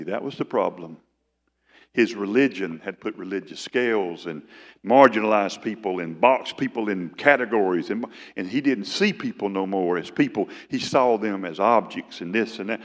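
A male pastor preaching a sermon, fervent and emphatic, building louder and then dropping to a low, quiet tone. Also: normal speed, in a large hall.

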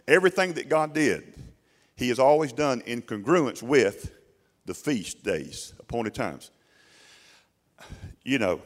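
A middle-aged man, preaching a sermon in a folksy, colloquial way and asking his listeners questions. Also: fairly high pitch. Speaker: pastor.

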